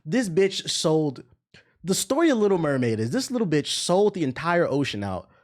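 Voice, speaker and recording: A man's voice: fairly high pitch, very animated, normal speed, a little mellow. A young man streamer ranting in casual, profane commentary, now and then mocking voices.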